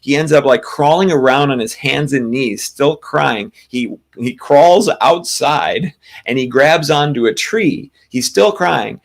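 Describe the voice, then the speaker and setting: A man co-hosting a spiritual talk show, telling a long personal story in a casual, animated way, with frequent restarts. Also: mid-range voice, a little slow, creaky. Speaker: podcast co-host.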